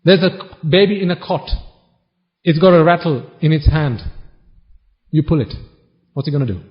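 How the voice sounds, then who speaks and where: A man's voice: fairly high pitch, normal speed. Wry man preaching a sermon, dull recording. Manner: questioning the audience, wry and teasing. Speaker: Buddhist preacher.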